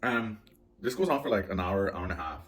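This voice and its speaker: A man's voice: sits low, animated, fairly quick, fairly bright tone. A man vlogging at home, telling a long story in a casual, rambling way with lots of fillers. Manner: rambling, filler-heavy, anxious retelling. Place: at home, indoors.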